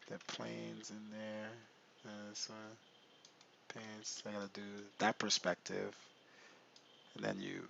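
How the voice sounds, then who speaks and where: In a lowish, creaky voice, a man streams a flight simulator, excitedly talking to viewers and murmuring to himself as he works through menus. The audio is dull, with slight background noise.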